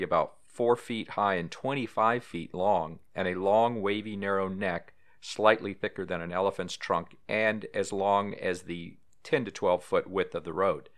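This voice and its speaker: A man's voice: deep voice, a bit bright. A man hosting a paranormal podcast, reading history and trivia aloud in a casual way with small asides. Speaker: podcast host.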